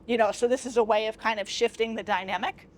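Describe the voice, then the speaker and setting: Quick and steady in tone, her slightly high voice carries over faint background noise. The young adult woman is a workshop facilitator teaching casually aboard a train car with a view, keeping things chatty and informal and frequently performing quoted dialogue.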